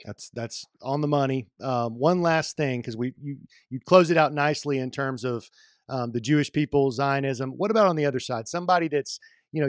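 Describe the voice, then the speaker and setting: A man's voice: mid-range voice, no echo, clean studio sound. A man hosting an interview, asking questions in a searching, hesitant, friendly way with many restarts. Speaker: interview host.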